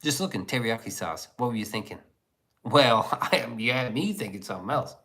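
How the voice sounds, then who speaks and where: A man's voice: medium pitch, lively intonation, fairly quick, fairly bright tone. A man hosting a livestream, chatting casually, reading viewer comments and joking crudely. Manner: crude, joking, rambling banter. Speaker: livestream host.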